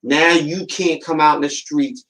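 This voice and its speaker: Slangy man hosting a podcast, slightly high voice. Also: steady tone, measured pace, a bit bright, poor audio. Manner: slangy, streetwise storytelling that acts out quoted voices; warns and urges listeners with repeated "man" and "watch". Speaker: podcast host. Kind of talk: casual podcast monologue.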